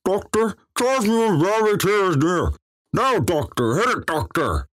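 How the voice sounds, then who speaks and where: This is a man doing a hulking, simple-hearted gamer speaking in broken English. The words come out thick and mumbled, as if through a mouthful of food. The pitch sits higher than a normal man's speaking voice and rises and falls widely. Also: very animated, unhurried, fairly bright tone, no room sound, studio quality, heavily acted. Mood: earnest. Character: gruff broken-English male gamer copying a big gunner.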